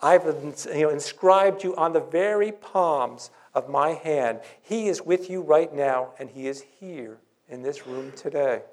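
With a voice on the high side, a man delivers an earnest church sermon as pastor. He reads scripture aloud and leans on dramatic pauses.

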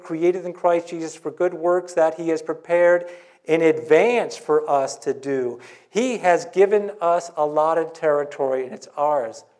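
Man, pastor, sermon, earnest delivery, dramatic pauses, slightly raised pitch. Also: darkish tone. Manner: earnest preaching with dramatic pauses and quoted scripture. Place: church.

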